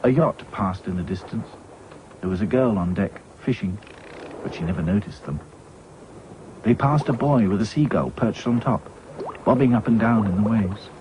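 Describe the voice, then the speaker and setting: A man narrating a children's story in a lively, expressive way. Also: lowish voice, normal speed, long pauses. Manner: lively, voices every character himself. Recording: slightly dull with faint hiss.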